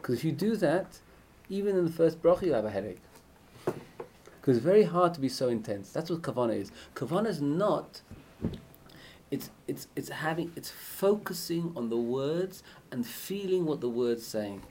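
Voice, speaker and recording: A man leads a casual Torah class on prayer, his delivery lively and full of rises and falls in pitch. He keeps checking in with his listeners and drops to near-whispers before jumping back up to loud, chanted lines. A faint background noise sits under the recording. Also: normal speed. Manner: conversational, asks listeners questions often. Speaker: Torah teacher.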